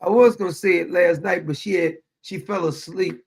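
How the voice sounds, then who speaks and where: A man's voice: high voice, moderate pace, creaky, husky. A man hosting a casual monologue, telling stories with lots of laughter. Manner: animated storytelling, laughing often. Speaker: show host.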